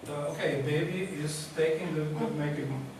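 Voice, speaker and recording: Man lecturing in an echoey hall. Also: fairly high pitch. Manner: halting, searching for words, many fillers. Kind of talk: public lecture. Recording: echoey hall, distant, noisy.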